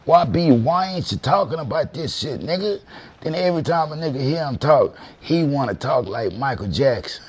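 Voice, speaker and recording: A man's voice: fairly high pitch, animated, moderate pace, husky. A man giving a blunt, profane rant in street slang, repeating "you know what I mean" often. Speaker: commentator in a viral clip. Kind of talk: unfiltered rant.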